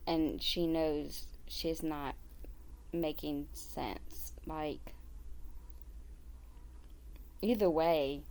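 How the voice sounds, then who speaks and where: A woman's voice: low voice, fairly even intonation, drawn-out words, a little mellow. A woman hosting reaction commentary on a video clip, making exasperated, critical remarks. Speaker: commentary host.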